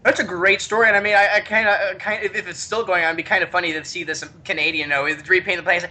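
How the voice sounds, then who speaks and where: Podcast guy rambling through a story, bright voice, lots of restarts. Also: sits high, rapid-fire, hardly any pauses. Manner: rambling, animated, many restarts. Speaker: podcast co-host. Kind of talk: casual chat, storytelling.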